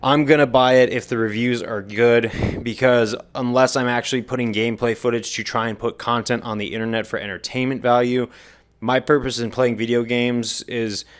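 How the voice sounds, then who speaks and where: A man's voice: medium pitch, fairly even intonation, normal speed. A young man talking through his opinions in a rambling, earnest monologue with frequent fillers, mentioning that he has the hiccups. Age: young adult. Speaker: gaming commentator.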